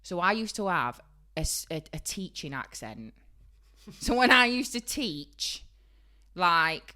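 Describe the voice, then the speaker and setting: A woman's voice: deep voice, bright, forceful tone. A woman with a Yorkshire accent co-hosting a podcast in casual, giggly chat about the beauty trade. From Yorkshire, England. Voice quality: bubbly, giggly, chatty. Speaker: podcast co-host, beauty trainer.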